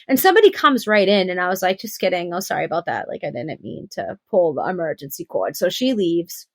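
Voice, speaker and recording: A young adult woman telling her personal birth story on a podcast, animated and acting out the quotes. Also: on the low side, brisk, no echo. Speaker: podcast guest.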